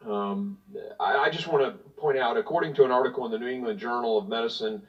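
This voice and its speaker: A congressman from Tennessee delivers pointed, partisan remarks from his notes. His mid-pitched voice sounds distant from the mic. The hearing-room audio is dull and muffled. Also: quick pace. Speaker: congressman questioning a witness.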